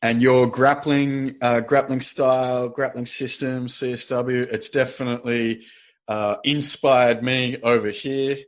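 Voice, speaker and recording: A man hosting a podcast interview, speaking in a measured, encouraging way and sometimes pausing to find the right word. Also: medium pitch, little pitch movement. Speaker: podcast host. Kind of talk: casual interview talk.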